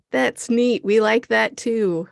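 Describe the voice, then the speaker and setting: A woman's voice: a little high, very slow, gravelly, no room sound, studio quality. A woman co-hosting a podcast, chatting casually and sarcastically about a TV episode, laughing often and swearing freely. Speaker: podcast co-host. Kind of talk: casual chat recapping a TV episode.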